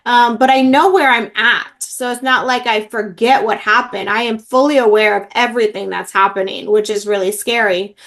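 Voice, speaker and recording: Earnest woman healer, fairly high voice. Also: steady tone, moderate pace, hardly any pauses, a bit bright. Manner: earnest, many fillers. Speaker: emotional healing practitioner. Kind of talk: interview, personal story.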